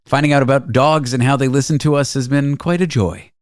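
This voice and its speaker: A man hosting a talk show, relaxed and playful, peppering his questions with "like". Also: mid-range voice, brisk, no room sound, studio quality. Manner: relaxed and playful, with lots of filler "like"s. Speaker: radio show host. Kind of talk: casual interview and show segues.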